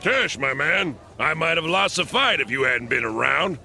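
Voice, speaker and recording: A man voicing a jovial, hearty male sumo fighter in a dubbed animated film clip. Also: on the high side, normal speed, gravelly, a little hiss or hum, full character voice. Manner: hearty, boisterous.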